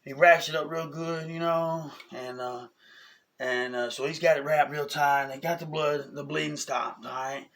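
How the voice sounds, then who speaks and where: Animated man telling a story. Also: on the high side, moderate pace. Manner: animated, keeps asking "you know what I'm saying?". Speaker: vlogger. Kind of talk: casual storytelling to camera.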